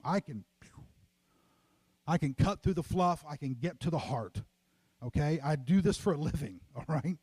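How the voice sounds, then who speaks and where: A middle-aged male pastor delivers an emphatic sermon in a slightly raised, mellow voice. He drives his points home through repetition and speaks straight to the congregation. The sound is close and dry. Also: fairly high pitch, lively intonation, normal speed, pauses often, husky, dry recording. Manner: emphatic, repeats phrases, addresses congregation as folks.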